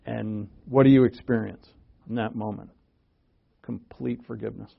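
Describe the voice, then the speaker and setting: A man preaching a sermon, earnest and halting, restarting phrases and pushing his voice up for emphasis. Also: lowish voice, fairly even intonation, vocal fry, narrow, tinny audio. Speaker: pastor.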